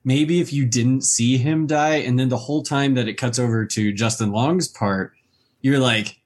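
Male co-host, casual film chat, halting and filler-heavy, average pitch. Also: fairly even intonation. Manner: hesitant, many fillers like "like" and "um".

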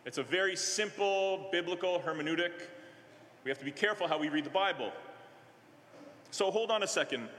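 A man's voice: high voice, fairly bright tone. Man preaching in an echoey hall. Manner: conversational, halting with fillers and restarts. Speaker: minister. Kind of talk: sermon. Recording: echoey hall with long reverb.

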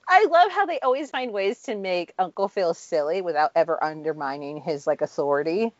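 A woman in her thirties talks candidly on a podcast, with small laughs. Her voice sits a little low. The sound is dry and a bit dull. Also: lively intonation, moderate pace, no room sound. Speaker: podcast co-host. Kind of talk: casual chat.

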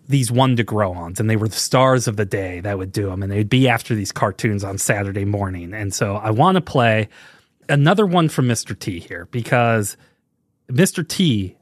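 A man's voice: lowish voice, no echo. Sarcastic man ranting on a podcast, dry sound. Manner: sarcastic, laughing, exasperated rants. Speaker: podcast host. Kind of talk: casual comedic commentary.

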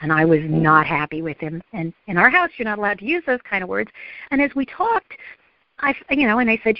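Lively woman therapist telling parenting stories. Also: a little high, fairly quick, no room sound, highs cut off. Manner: animated storyteller acting out parent and child voices. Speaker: therapist and speaker, guest. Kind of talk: interview conversation.

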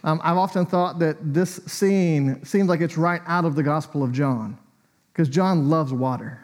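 A man's voice: fairly high pitch, a little slow, a little mellow. A man preaching a sermon in a conversational, storytelling way, often with a light chuckle.

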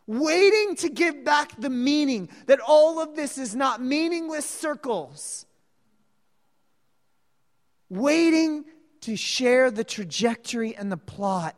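A woman preaching a sermon, telling the story dramatically and acting out the voices of the people in it. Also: a little high. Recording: long reverb of a large hall.

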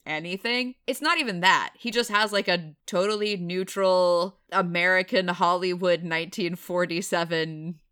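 A young woman from Tennessee, a podcast co-host in casual film discussion, chatty and quick to laugh. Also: fairly low pitch, a bit bright, smooth.

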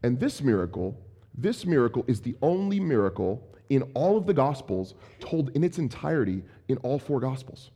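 A pastor in his thirties delivers a sermon in a conversational, animated way, tossing in playful asides. His voice sits at medium pitch and he speaks at a normal speed.

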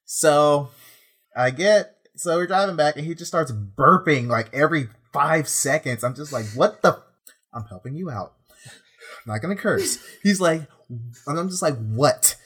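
A young man, a prison officer, telling a rambling, exasperated story in casual chat with deadpan asides. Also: on the high side, moderate pace, husky.

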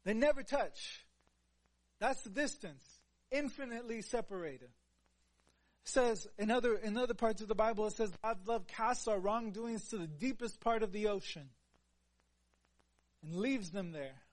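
Earnest guy preaching a sermon, high voice, goes quiet then gets loud. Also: normal speed, long pauses. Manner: earnest, swings between soft hushed passages and louder emphatic ones.

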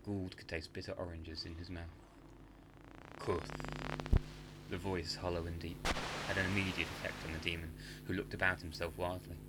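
Deep-voiced man narrating a dark tale. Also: little pitch movement, heavy background noise. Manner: measured, hushed dramatic storytelling. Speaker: podcast narrator. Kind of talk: scripted horror story narration.

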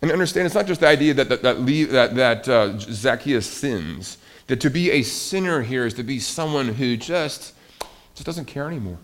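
Animated conversational male preacher. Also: mid-range voice, moderate pace. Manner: conversational, animated preaching with swings between soft and loud. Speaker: pastor. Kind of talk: sermon.

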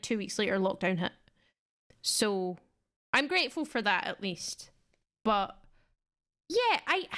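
A woman's voice: medium pitch, a bit bright. A young Scottish woman co-hosting a podcast, telling stories in chatty, casual talk and laughing a lot. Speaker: podcast co-host. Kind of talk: casual storytelling chat.

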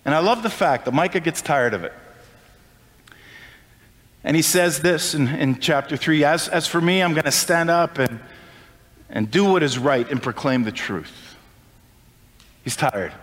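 A pastor delivers his sermon with real fervor, his fairly high voice climbing as he presses each point. The words ring out into a church hall with a long, lingering reverb behind them. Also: lively intonation, a little slow, pauses often, a bit bright. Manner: impassioned, rising pitch on emphasis.

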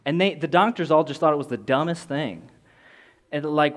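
Talking quickly in a higher-pitched voice, a young man earnestly rambles through something that happened to him, restarting often and leaning on filler words. His excitement builds in the quoted parts.

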